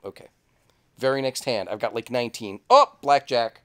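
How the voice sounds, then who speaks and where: A man's voice: mid-range voice, normal speed, a bit bright, clean tone. A man co-hosting a casual podcast chat in a studio, telling profane stories with lots of animation. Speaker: podcast co-host. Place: studio, sitting on couches.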